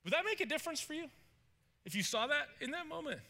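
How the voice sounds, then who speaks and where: A pastor preaches a sermon in a high, creaky voice, talking fast. His storytelling is animated: he acts out the characters' panic and puts questions to the congregation.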